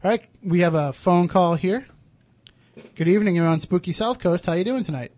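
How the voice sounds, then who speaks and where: A man's voice: high-pitched, fairly quick, darkish tone. A man hosting a radio talk show, chatting casually with many fillers and restarts.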